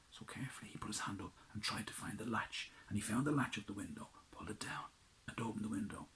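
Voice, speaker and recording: Hushed man telling a story. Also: fairly low pitch, slight background noise, rough recording. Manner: hushed, dramatic, often whispered. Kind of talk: children's storytelling.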